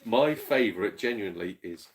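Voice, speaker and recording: A man's voice: fairly low pitch, lively intonation, moderate pace, slight background noise. A man with a Yorkshire accent hosting a casual gaming livestream, chatting and reading out viewer comments, swearing freely and laughing often.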